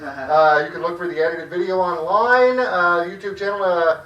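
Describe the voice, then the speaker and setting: Bright-voiced man hosting an open mic. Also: high-pitched, moderate pace, lo-fi sound. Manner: rambling, self-deprecating jokes. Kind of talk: wrapping up a comedy show. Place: back room of a restaurant. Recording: echoey room, far mic, faint noise.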